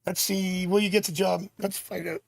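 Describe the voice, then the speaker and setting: A man from Canada hosting a live tarot stream, chatting with viewers and thinking out loud as he reads cards. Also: sits high, flat delivery, moderate pace, vocal fry, no echo. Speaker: tarot reader and livestream host.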